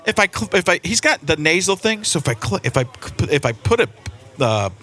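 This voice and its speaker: A male comedian chatting casually as a radio guest, animated and rambling, with frequent restarts. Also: high voice, fairly quick. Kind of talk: casual radio interview chat. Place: radio studio at a stadium.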